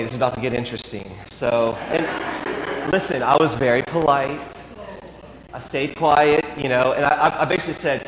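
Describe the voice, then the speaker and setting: A priest whose voice sits on the high side, a little bright, shares a funny story in his sermon, sprinkling in dry, wry remarks. The church setting gives an echoey, long-reverb sound, and there's slight background noise.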